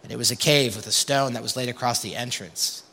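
A man's voice: medium pitch, fairly quick, sharp tone. A man preaching an impassioned sermon as pastor, often calling his listeners "you guys". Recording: long hall reverb.

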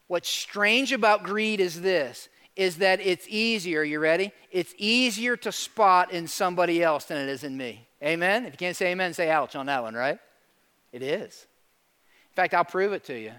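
Animated male pastor preaching a sermon. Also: high voice, normal speed, clean tone. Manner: animated preaching, asks for amens, acts out quotes.

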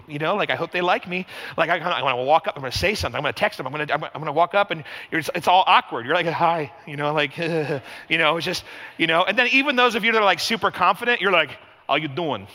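Male pastor, sermon, casual animated delivery, bright tone, long hall reverb. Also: a little high, fast talker. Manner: conversational, animated preaching with lots of fillers.

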